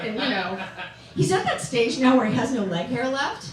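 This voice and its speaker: A woman's voice: high-pitched, big pitch swings, normal speed, a crowd in the background. A middle-aged woman performing a chatty, self-mocking stand-up set and asking the audience questions. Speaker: stand-up comedian. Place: comedy club stage with audience. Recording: echoey club, distant mic, loud audience. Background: audience laughing.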